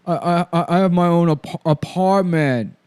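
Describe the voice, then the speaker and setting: A man's voice: a little high, normal speed, a little mellow, clear, resonant tone, voice pushed up, close to an everyday voice. A man doing an impression of a nervous young man who stutters and repeats words.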